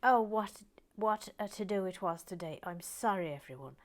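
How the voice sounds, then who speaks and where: A woman hosting a building video, chatting casually and self-deprecatingly, slipping between whispers and soft talk. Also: mid-range voice, expressive, moderate pace. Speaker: host of a building channel. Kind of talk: casual chat while building, partly whispered.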